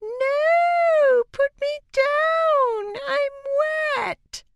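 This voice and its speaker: Male reader as a shrieking, tearful little girl, very high and loud. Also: drawn-out words, vocal fry, dry recording, dull audio, full character voice. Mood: wailing. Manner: high wailing cries. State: crying.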